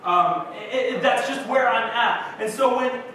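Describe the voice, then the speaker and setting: In a church sanctuary, a young male pastor with a very high-pitched, bright, forceful voice preaches unhurriedly, telling his congregation casual stories that poke fun at himself. The recording is echoey and distant, with faint background noise.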